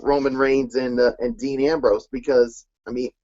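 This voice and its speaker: A man's voice: medium pitch, flat delivery, normal speed, mellow. A man co-hosting a wrestling recap show, talking hesitantly with many fillers. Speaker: podcast co-host. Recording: muffled lo-fi audio.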